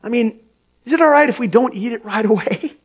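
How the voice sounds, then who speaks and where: A man's voice: high-pitched, sing-song, fast talker, husky, full character voice. A man voicing a weary, timid middle-aged woman who pleads and hesitates. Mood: hesitant. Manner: pleading, hesitant, soft-spoken.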